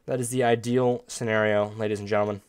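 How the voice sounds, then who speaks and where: A man hosting a gaming video, chatting casually and upbeat while he plays, with sudden loud outbursts and playful groans. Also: fairly low pitch, little pitch movement, fast talker, clear, resonant tone, dry recording. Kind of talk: casual gameplay commentary.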